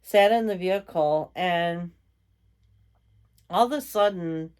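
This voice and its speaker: A woman's voice: on the low side, slow, darkish tone, clean tone. A woman vlogger telling a ghost story in a casual, rambling way, full of fillers and self-corrections. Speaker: vlogger host.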